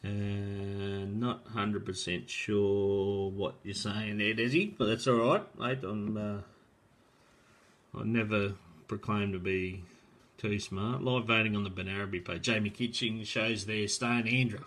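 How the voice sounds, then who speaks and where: A man's voice: on the low side, fairly even intonation, slow pace, fairly bright tone. A man hosting a live show, chatting casually, reading out viewer comments and rambling with lots of fillers and "mate". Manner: rambling, filler-heavy, friendly, calls people mate. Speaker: host of a live drag racing show.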